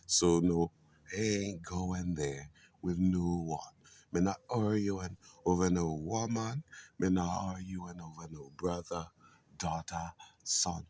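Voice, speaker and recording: A spiritual vlogger with a low, slightly mellow voice speaks unhurriedly with no room sound. Outdoors in a garden, he rambles casually about faith, preachy but with playful asides.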